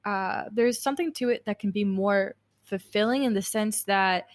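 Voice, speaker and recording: In a casual podcast interview, the young female host speaks at normal speed in a mid-range voice. She's chatty and warm, telling long stories that wander off on tangents.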